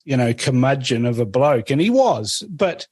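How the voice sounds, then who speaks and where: A man's voice: mid-range voice, sing-song, normal speed, darkish tone. A man hosting a radio interview, prompting his guest with conversational questions.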